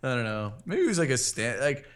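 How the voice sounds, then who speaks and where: A young man co-hosting a podcast, swearing freely and joking through the talk. His voice is mid-pitched and he laughs often. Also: sing-song, a little fast. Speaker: podcast co-host. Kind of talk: casual chat.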